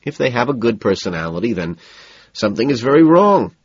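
A man's voice: medium pitch, big pitch swings, brisk, slightly rough, no room sound, muffled recording, voice pushed up. A man voicing a tipsy, boastful young male banker who talks crudely, in an audiobook. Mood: swaggering. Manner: crude, swaggering.

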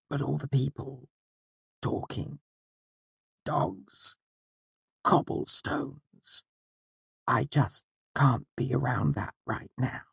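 A man's voice: medium pitch, vocal fry, breathy edge, dry recording, voice pushed up, heavily acted. A man voicing a frail, reedy-voiced frightened man. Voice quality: thin, reedy, cracking. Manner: soft, halting, fearful. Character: frail thin man in his thirties, terrified.

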